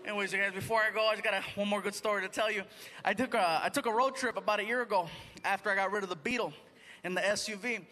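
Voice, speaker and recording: A man telling a long story on stage in animated stand-up style. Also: sits high, racing. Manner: animated, laughing at his own story. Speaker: stand-up comedian. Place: stage before a live audience. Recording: noisy live show recording.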